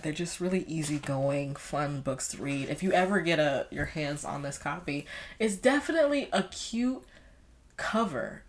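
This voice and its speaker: Low-voiced young woman chatting about books. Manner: rambling, chatty, many fillers and restarts. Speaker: book vlogger. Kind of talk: casual book chat.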